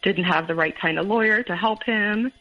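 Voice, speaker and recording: A woman recounting her past relationship as a podcast guest, halting and full of fillers. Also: medium pitch, highs cut off. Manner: halting, many fillers and restarts. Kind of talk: personal story in interview.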